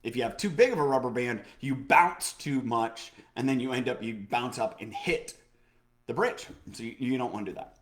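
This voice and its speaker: A podcast co-host on a casual chat show shares a personal story in a lively, motivational manner. His mid-range voice keeps a normal speed, full of fillers, restarts, and repeated phrases.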